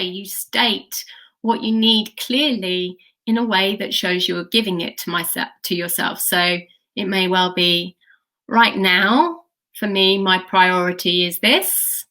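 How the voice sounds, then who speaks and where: A woman's voice: a little high, a bit bright. A woman coach teaching to camera, speaking in an encouraging way and often checking in with her listeners. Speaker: intuition coach.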